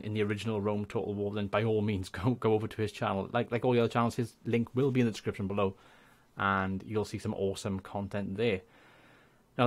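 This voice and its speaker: Young welsh guy rambling on about other youtubers, bit low voiced, laughs a lot. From Wales. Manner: chatty, rambling, laughs often. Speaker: YouTube gaming creator. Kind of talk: casual channel shout-out monologue.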